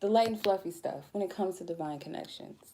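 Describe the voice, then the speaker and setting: A woman's voice: on the low side, a little fast, warm tone, slight background noise. A woman tarot reader giving a casual spiritual talk, blunt and goofy, swearing freely.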